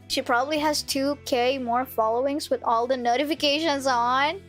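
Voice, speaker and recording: Young woman streamer, high voice, reads story text aloud, giggly playful asides, faint music behind. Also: fairly even intonation, normal speed, hardly any pauses. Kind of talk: reading a visual novel aloud with casual commentary.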